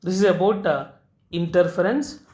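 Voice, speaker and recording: A man teaching physics, explaining step by step and pausing on "uh" before key terms. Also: high voice, darkish tone. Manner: halting, frequent "uh" before key terms, repeats phrases. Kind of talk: recorded physics lecture at a board. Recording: echoey room.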